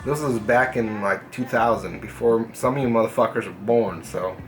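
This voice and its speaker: A young man hosting a vlog, casually telling a story from school, swearing freely and animated. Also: on the low side, moderate pace, faint music behind. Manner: profane, animated, puts on voices in quotes. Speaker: gaming channel host.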